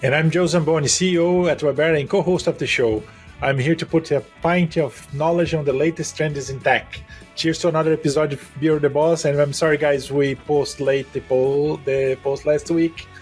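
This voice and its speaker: Boss co-host, man, higher voice, joking and relaxed. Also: normal speed, soft background music. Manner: jokey, relaxed banter. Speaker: podcast co-host, company boss. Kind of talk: casual podcast chat.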